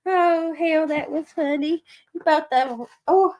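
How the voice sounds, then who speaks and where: A woman's voice: high-pitched, unhurried, darkish tone. A woman streamer reacting to clips in casual commentary, blunt and mocking, often laughing.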